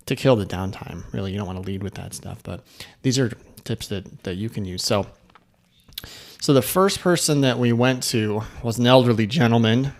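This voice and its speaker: A man's voice: medium pitch, a little mellow. Upbeat man coaching on sales. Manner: upbeat, coaching, full of fillers and asides. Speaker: host of an insurance sales podcast. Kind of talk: casual sales-tips talk.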